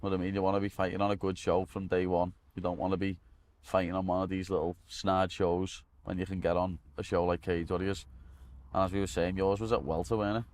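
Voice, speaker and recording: A man's voice: low voice, flat delivery, fast talker, a little mellow, slight background noise. A young man with a Liverpool accent hosting a casual chat, bantering in slang and calling his guest lad. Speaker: host.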